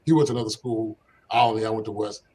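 This is an older man from Philadelphia, formerly a basketball player, racing through youthful stories as an interview guest in a lowish voice. He laughs often and animatedly voices the characters he quotes. The audio is poor, with a little hiss or hum.

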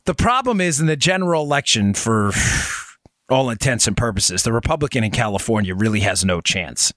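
Man, talk show host, conversational monologue, emphatic, digressive, mid-pitched voice, dry close-miked sound. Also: expressive, fairly quick, fairly bright tone, no echo. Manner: emphatic, digressive, addresses listeners directly.

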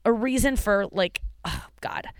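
A woman's voice: medium pitch, measured pace, smooth, no echo. A woman hosting a podcast, talking frankly and emotionally in a rambling, profane monologue, close to tears at times. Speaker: podcast host and stand-up comedian. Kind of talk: candid personal monologue.

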